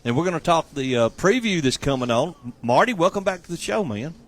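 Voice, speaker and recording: A man's voice: on the high side, sing-song, brisk. Jokey man hosting a sports radio show. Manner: jokey, loose and upbeat. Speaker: radio host. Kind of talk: casual sports talk radio.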